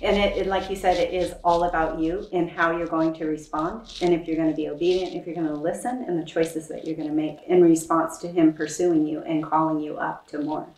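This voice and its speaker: Female host, low-ish voice, eager, heard off-mic in an echoey room. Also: steady tone, fairly quick, hardly any pauses, a little mellow. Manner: affirming, eager. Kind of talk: interview hosting. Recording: echoey distant mic with faint noise.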